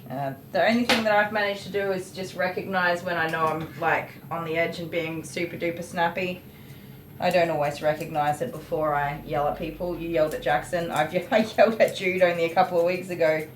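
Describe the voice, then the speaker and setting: Middle-aged woman, low-ish voice, candid and self-mocking, in an echoey room. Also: steady tone, brisk. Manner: frank, self-mocking, laughs often. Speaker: dog groomer. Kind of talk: casual chat while grooming. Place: grooming room. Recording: echoey room, faint noise.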